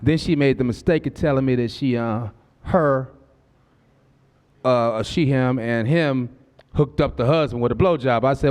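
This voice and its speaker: A man's voice: mid-range voice, normal speed, darkish tone. A man in his forties doing a profane, loose, conversational stand-up comedy set on a club stage. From Southern California. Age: 40s.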